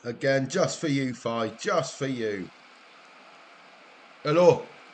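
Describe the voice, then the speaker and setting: A middle-aged Welsh man chatting and joking with viewers during a live-streamed game, with a relaxed, teasing manner. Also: medium pitch, slow pace, slight background noise. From Wales. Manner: chatty, jokey banter with viewers, frequent laughs. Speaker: gaming streamer. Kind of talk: casual live-stream chat while gaming.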